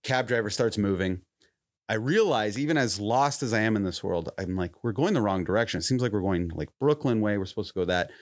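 A man's voice: fairly quick, no room sound, studio quality. A young adult man on a podcast, telling a story in casual chat and acting out the quotes with laughter. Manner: animated, acts out quotes with rising pitch and laughter. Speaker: podcast host.

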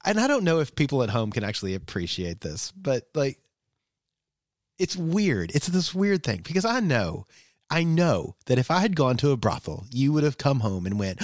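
A podcast co-host talks in a mid-range male voice with wide swings in pitch and an ordinary pace. He tells personal stories candidly, rambling and filling his speech with fillers in a casual chat. The recording is clean studio audio with no room sound.

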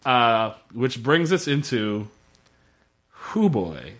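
A man's voice: medium pitch, sing-song, extremely slow, a bit bright. A man hosting a podcast, recapping in casual chat with frequent swearing and wry, enthusiastic remarks. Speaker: podcast host.

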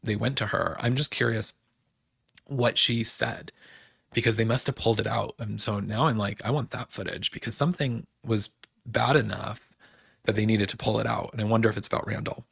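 A man's voice: lowish voice, steady tone, normal speed, gravelly, fairly bright tone, slightly rough, dry recording, clean studio sound. A young man hosting a casual recap, chatty and opinionated, acting out quotes with lots of "like". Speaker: podcast host recapping a reality show.

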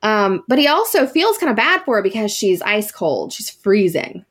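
A woman's voice: medium pitch, big pitch swings, moderate pace, fairly bright tone. A woman hosting a podcast, telling a ghost story in a casual, chatty way with many fillers and asides. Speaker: podcast host.

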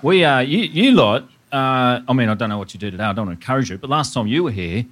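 An Australian man co-hosting a live podcast on a comedy stage, bantering loudly with the audience. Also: mid-range voice, fast. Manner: loud, lively banter with the crowd. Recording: live stage mic with crowd noise. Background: audience laughter and crowd noise.

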